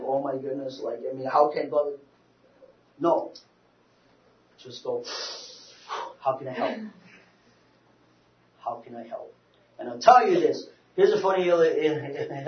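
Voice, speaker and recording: A man giving an animated church talk to a group, telling stories with many restarts. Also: on the high side. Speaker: speaker. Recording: roomy, distant, dull lo-fi sound.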